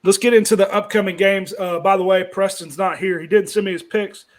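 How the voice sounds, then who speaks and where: A man's voice: high voice, steady tone, brisk. A man hosting a casual sports chat, loose and rambling, stumbling over names. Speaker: podcast host.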